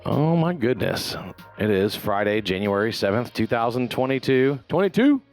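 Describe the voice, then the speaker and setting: A man's voice: fairly low pitch, normal speed, faint music behind. A man hosting a podcast, joking and rambling with lots of restarts and fillers in casual banter. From Texas. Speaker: podcast host.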